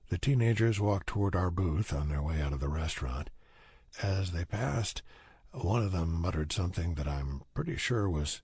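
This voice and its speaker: Gravelly husky male audiobook narrator. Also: low-pitched, expressive, normal speed, darkish tone, dry recording. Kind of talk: first-person audiobook narration.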